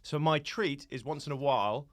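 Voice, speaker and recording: A man's voice: on the high side, normal speed, no room sound, clean studio sound. A man who is a guest on a comedy podcast, talking in a chatty, self-mocking way. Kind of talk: casual comedy chat.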